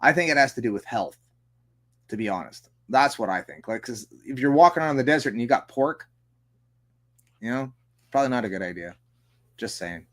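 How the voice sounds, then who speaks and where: A man's voice: medium pitch, lively intonation, a little fast, long pauses, a bit bright. Sarcastic, profane male political commentator. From Canada. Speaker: host. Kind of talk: political commentary reading news articles.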